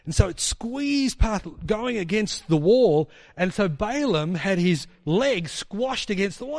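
A man's voice: sits high, animated, unhurried, hardly any pauses, a little mellow, no echo. A man preaching a sermon in a casual storytelling way, with fillers and tag questions.

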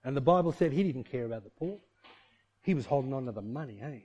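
A man preaching a sermon in a conversational, animated style, full of rhetorical questions and shifts of pace. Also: medium pitch, quick pace, breathy edge, dull audio. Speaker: pastor.

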